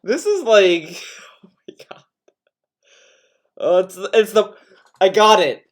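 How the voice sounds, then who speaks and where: A man's voice: high voice, big pitch swings, slow pace. A man from Greece, a streamer giving sarcastic, profane reaction commentary, often laughing.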